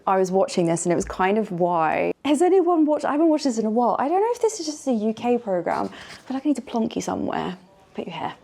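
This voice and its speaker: Chatty English woman with gravelly fry. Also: fairly high pitch, big pitch swings, fast. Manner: chatty, playful, murmurs asides quietly. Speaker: vlogger. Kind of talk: casual hotel room tour vlog. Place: hotel room.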